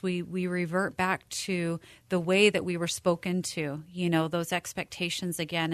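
A woman with a slightly low voice talks things through thoughtfully on a faith podcast, pausing often and adding fillers. The sound is dry and close, with no room echo around her. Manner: reflective, thoughtful, frequent fillers. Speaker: co-host. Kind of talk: casual faith-based podcast chat.

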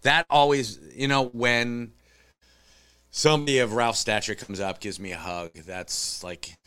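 A man's voice: medium pitch, steady tone, a little slow, sharp tone, clear, resonant tone, dry recording. A man hosting a casual chat, who is jokey and effusive. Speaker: host.

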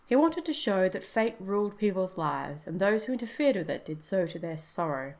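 A woman voicing a solemn, weathered male sergeant major who speaks gravely in a storybook reading. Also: medium pitch, sing-song, a little mellow. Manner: grave, measured.

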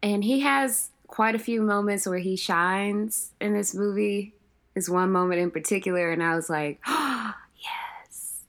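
A woman co-hosting a casual chat, animated and acting out scenes she describes. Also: mid-range voice, normal speed. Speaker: podcast co-host.

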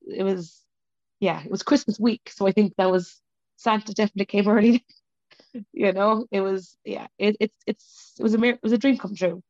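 A woman's voice: mid-range voice, a little mellow, no echo, lo-fi sound. A woman, an interview guest, telling an emotional personal story in a rambling, self-interrupting way, speaking over a video call. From Ireland.

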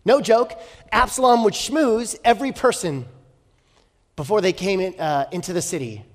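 High-voiced preacher in an echoing hall. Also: male voice, moderate pace. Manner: storytelling, rhetorical questions, shifts from loud to hushed. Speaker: pastor. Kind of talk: sermon. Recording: long hall reverb.

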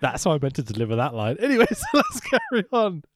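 A man's voice: sits high, wildly swooping pitch, quick pace, dry recording, studio quality. A man co-hosting a casual podcast, joking, laughing a lot and reading from his notes. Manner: jokey, laughs often, reads notes aloud. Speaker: podcast co-host. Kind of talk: casual chat recapping a wrestling show.

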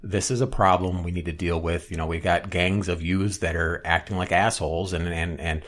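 A man chatting casually on a podcast, retelling a sitcom episode at length with restarts and loud acted-out quotes. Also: low-pitched, fairly even intonation, moderate pace. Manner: rambling storyteller, many restarts, acts out quotes loudly. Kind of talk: casual chat.

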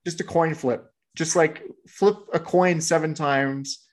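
A man's voice: fairly high pitch, steady tone, measured pace. A laid-back man co-hosting a podcast in casual, rambling sports chat. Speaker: podcast co-host.

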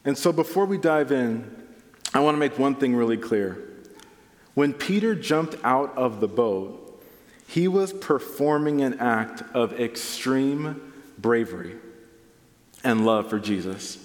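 Man, pastor, earnest sermon, mid pitch, echoing church hall. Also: animated, slow pace.

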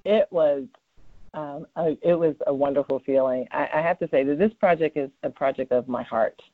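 A cancer researcher answers interview questions earnestly and from the heart, using many fillers and restarts. His voice is fairly high at a moderate pace, and the dry recording has a tinny phone-line quality with no room sound.

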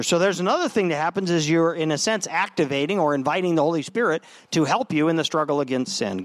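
A man with a slightly high voice preaches a sermon in an easy, conversational way. He often restarts his phrases as he goes. The sound is dry and close. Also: quick pace, few pauses, no room sound. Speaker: pastor.

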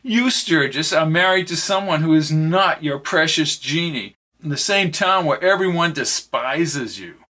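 A man's voice: on the high side, expressive, a little slow, hardly any pauses, pushed and bright, pitched above the performer's own voice. A man reading as a smug, menacing villain. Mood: taunting. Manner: smug, taunting. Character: cold menacing man who manipulates realities.

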